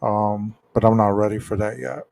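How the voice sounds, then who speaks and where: A man hosting a true crime livestream, chatting casually with viewers in a slow, rambling way full of ums and restarts. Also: fairly low pitch, little pitch movement, gravelly, a little mellow, no room sound. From Texas. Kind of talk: casual livestream chat reading viewer comments.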